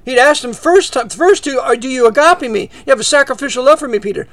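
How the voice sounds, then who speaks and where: A man preaching a sermon, reading scripture aloud and paraphrasing it in casual speech, swinging from emphatic peaks to hushed asides. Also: very high voice, lively intonation, quick pace, no echo. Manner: rises to emphatic peaks, drops to near-whisper asides; reads scripture in old English, then paraphrases conversationally. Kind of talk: expository sermon.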